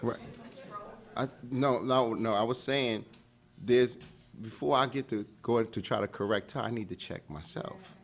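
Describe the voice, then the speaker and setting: A man's voice: medium pitch, measured pace. A man leading a relationship class in a casual lecture style, laughing often, acting out quarrels and asking the room if he's right. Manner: animated, laughing, acts out quarrels; asks the room for agreement.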